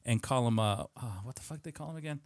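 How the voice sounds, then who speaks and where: A man's voice: mid-range voice, quick pace, smooth, dry recording, clean studio sound. A man hosting a podcast in casual chat, telling stories with lots of restarts and casual swearing. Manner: rambling storyteller, swears casually, many restarts. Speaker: podcast host. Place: podcast studio.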